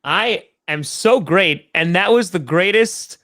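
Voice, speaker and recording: A man in his thirties from New York, an upbeat podcast guest chatting casually and repeating himself when excited. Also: sits high, takes it slowly. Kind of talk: casual chat.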